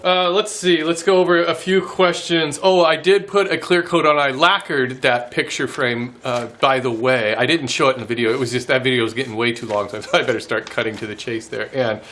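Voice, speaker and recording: A man's voice: medium pitch, sharp tone. A man hosting a woodworking channel, chatting casually to camera and laughing often at himself.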